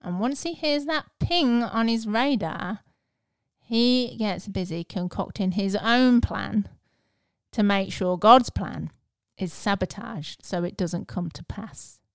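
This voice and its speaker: Smooth-voiced woman giving an earnest devotional talk. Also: mid-range voice, slow pace, no echo, clean studio sound. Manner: earnest, encouraging, softening to a hush. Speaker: podcast host.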